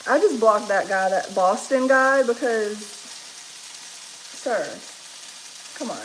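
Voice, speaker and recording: Cooking in her home kitchen for a livestream, a Kentucky woman chats casually and laughs frequently while a pan sizzles. Her voice sits on the high side, slow and a bit bright, with a little hiss or hum present.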